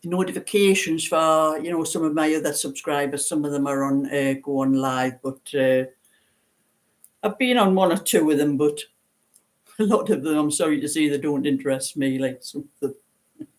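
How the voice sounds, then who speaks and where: A woman's voice: low voice, normal speed. Older woman with a light Geordie lilt. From Newcastle, northeast England. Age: 70s. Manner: rambling, chatty, laughs often, reads out viewer comments. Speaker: knitting channel host. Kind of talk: casual livestream chat.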